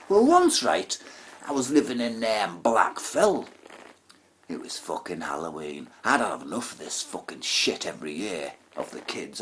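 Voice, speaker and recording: A man telling a profane comic story, with chatty asides and laughter. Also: on the high side. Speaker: comedian.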